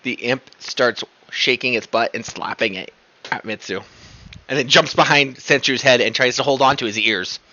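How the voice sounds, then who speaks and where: A man narrating as game master of a tabletop role-play, animated and quick to laugh. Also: medium pitch, no echo, dull audio. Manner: animated, laughs often, slips into character voices.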